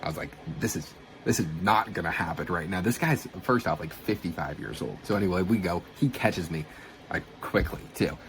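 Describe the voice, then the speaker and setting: A man with a very low voice tells a personal story in a loose, casual way. He swears now and then and acts out what people said. Faint noise hums behind him. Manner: swearing, animated retelling with quoted dialogue. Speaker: vlogger.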